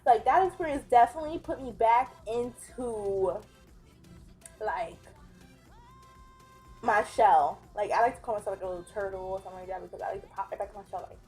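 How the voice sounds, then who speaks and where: A young woman telling a casual storytime vlog, animated, acting out the other people's lines in quick mock voices. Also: medium pitch, faint music behind. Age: young adult. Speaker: vlogger.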